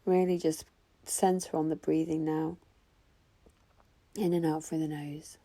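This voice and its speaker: Woman leading yoga, low gravelly voice, calm slow cues. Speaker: yoga instructor. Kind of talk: guided yoga instruction.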